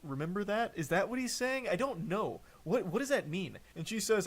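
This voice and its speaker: A man's voice: sits high, big pitch swings, moderate pace, few pauses. Mocking, incredulous male streamer. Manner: incredulous, mocking commentary with frequent swearing. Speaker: streamer reacting to text messages. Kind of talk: live-stream reaction commentary.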